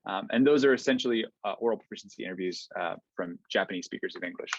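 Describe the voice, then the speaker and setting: A man giving an online academic lecture in a relaxed, explanatory way, with frequent ums and okays. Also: lowish voice, fast talker, dry recording. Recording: dull, slightly lo-fi online lecture audio.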